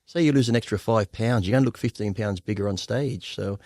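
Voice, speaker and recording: A man's voice: fairly low pitch, fairly quick, mellow, dry recording, studio quality. An Australian man in his fifties telling candid stories as an interview guest, blunt and profane, often laughing. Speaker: guest bodybuilder.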